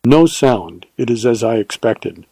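A man's voice: mid-range voice, expressive, warm tone, no echo, full character voice. A man voicing a devoted Texas ranger in a read-aloud western, speaking earnestly and a little huskily. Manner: earnest, husky, slow.

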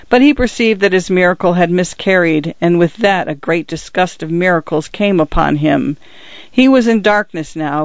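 A man reading a story aloud as an audiobook narrator, in a measured, expressive storytelling manner. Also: high voice, clean tone, no room sound, lo-fi sound.

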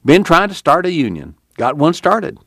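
A man doing a fervent, excitable preacher. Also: on the high side, normal speed, no room sound, clean studio sound, pitched above the performer's own voice. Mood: impassioned. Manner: rural Dust Bowl drawl, impassioned.

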